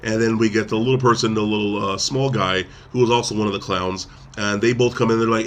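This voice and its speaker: A man's voice: on the low side, flat delivery, quick pace, few pauses, fairly bright tone. A man hosts a laid-back podcast, retelling a film scene by scene in a loose, rambling way. He stumbles over restarts and keeps leaning on fillers. A faint hiss sits under his voice. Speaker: podcast host. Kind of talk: casual movie review chat.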